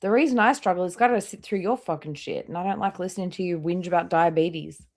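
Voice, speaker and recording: A woman with a slightly low voice hosts a live reaction stream. She is blunt and profane, and her mockery never lets up. She talks in an unscripted, casual way. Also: fast talker. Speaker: livestream host reacting to clips.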